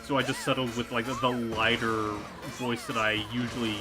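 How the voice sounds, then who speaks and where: A man streaming a kart racing game, chatting casually with an animated, rambling manner full of restarts. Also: medium pitch, moderate pace. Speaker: streamer and voice actor. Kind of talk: casual chat while gaming. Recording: game music playing behind.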